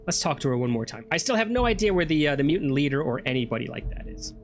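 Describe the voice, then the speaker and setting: A man's voice: a little high, expressive, fast, faint music behind. A man giving chatty let's play commentary, thinking aloud and questioning himself as he plays an old computer game. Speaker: gameplay streamer.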